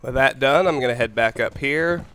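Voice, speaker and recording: A man giving gameplay commentary in a calm, methodical voice of ordinary pitch, laying out each step of his plan out loud as he goes. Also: moderate pace, a little hiss or hum. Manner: calm, methodical, planning aloud. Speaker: let's play host.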